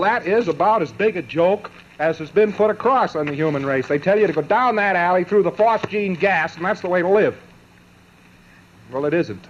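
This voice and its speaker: A man giving a lecture to a live audience, emphatic and sardonic, breaking his points into short phrases with pauses and mocking asides. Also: fairly high pitch, highs cut off, a little hiss or hum.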